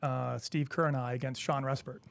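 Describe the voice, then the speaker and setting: In a dry recording, a middle-aged man with a gravelly, mid-range voice speaks at a moderate pace. A former basketball player appearing as an interview guest, he tells casual stories in an animated way and acts out the voices of people he quotes.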